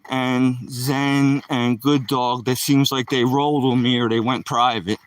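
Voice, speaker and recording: A man's voice: mid-range voice, flat delivery, measured pace, few pauses, no room sound, distant mic, rough recording. Chatty man rambling on a dirt road walk. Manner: chatty, loose, talks to viewers in the chat. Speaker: vlogger live streaming a dog walk. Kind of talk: casual rambling live-stream chat. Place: outdoors on a rural dirt road.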